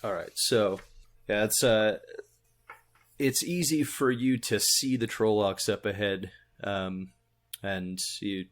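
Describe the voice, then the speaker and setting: Acting as game master, a man narrates a tabletop game in a fairly low voice. His delivery is slow and halting, with many fillers.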